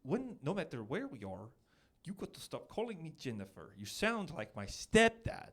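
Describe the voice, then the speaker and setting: A man's voice: on the high side, very animated, normal speed. A man reading as a prickly young heroine. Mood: irritated. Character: young woman hero, bewildered and prickly. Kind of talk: reading a game script aloud.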